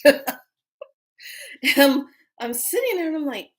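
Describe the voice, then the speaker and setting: A woman's voice: sits high, sing-song, normal speed, pauses often, fairly bright tone. A woman in her fifties hosting a spiritual livestream, telling a story casually, playful and laughing often. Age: 50s. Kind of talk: casual storytelling to a live audience.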